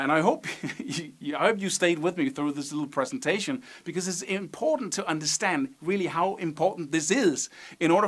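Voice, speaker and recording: A man's voice: a little high, a bit bright. A man teaching guitar technique, explaining patiently and checking in with "right?" as he goes. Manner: explanatory, sings rhythms as syllables, rhetorical "right?".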